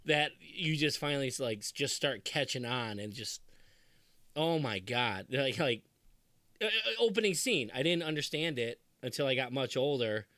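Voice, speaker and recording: A man in his thirties co-hosting a casual podcast chat, animated and quick to quote movie lines in put-on voices. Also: medium pitch, dry recording. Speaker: podcast co-host.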